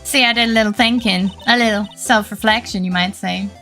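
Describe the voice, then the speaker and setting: A woman's voice: mid-range voice, steady tone, a little fast, bright, forceful tone, soft background music. A woman voicing a chirpy, chatty young Southern woman photographer with a put-on Southern US drawl. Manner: folksy, chatty, upbeat drawl.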